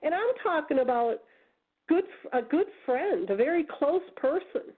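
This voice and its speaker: Woman, high voice, from the United States, animated storyteller, acts out quoted voices, tinny phone line. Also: unhurried. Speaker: guest. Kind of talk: casual storytelling on a call-in radio show.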